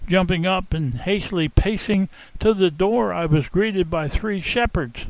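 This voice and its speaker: A man telling a first-person dramatic monologue as an innkeeper, theatrical and expressive, savoring the tale. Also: high-pitched, measured pace, dry recording, rough recording. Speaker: storyteller.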